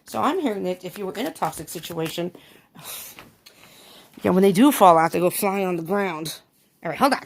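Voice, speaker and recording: A woman's voice: lowish voice, lively intonation, fairly quick, long pauses. A woman giving a casual tarot reading to her viewers, thinking aloud with many ums and laughing often. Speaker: tarot reader.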